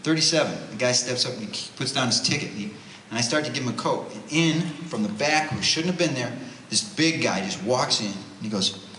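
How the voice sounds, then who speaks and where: A man giving a religious talk to a youth retreat, telling stories in an animated, conversational way. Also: medium pitch, moderate pace. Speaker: retreat speaker, homeless ministry worker. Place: parish hall. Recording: roomy hall with faint noise.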